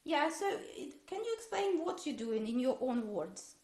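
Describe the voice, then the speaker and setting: A woman coaching a violin student in an online masterclass, her fairly high voice ringing in a roomy space. She talks haltingly with plenty of fillers and sings passages on nonsense syllables to show the phrasing. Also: sing-song, a little mellow, a little hiss or hum. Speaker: violin teacher. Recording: roomy echo.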